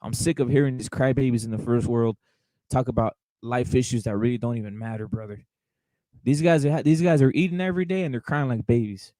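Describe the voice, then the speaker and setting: A man's voice: medium pitch, a little fast, warm tone, dry recording, low-quality recording. A man hosting a boxing show, ranting casually with a lot of swearing and repetition. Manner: profane, heated, repetitive, keeps saying "brother". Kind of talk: casual livestream rant.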